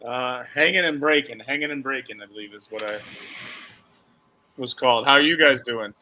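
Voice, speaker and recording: A man joining a podcast as a guest, talking in a deadpan, sardonic way. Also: mid-range voice, normal speed, poor audio. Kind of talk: casual chat.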